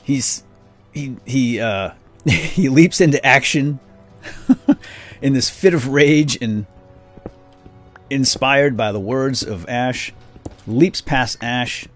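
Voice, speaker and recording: A man's voice: medium pitch, slow, long pauses, faint music behind. A man casually recapping a cartoon while playing a game, rambling with many fillers and chuckles.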